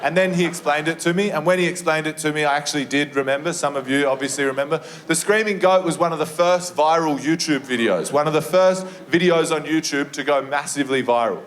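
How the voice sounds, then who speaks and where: A man's voice: a little high, fast talker, hardly any pauses. Young Australian man doing sweary stand-up. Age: young adult. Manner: animated, sweary storytelling with shrieked impressions. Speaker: stand-up comedian. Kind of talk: stand-up comedy set. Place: comedy venue stage with a live audience. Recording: live room with audience laughter.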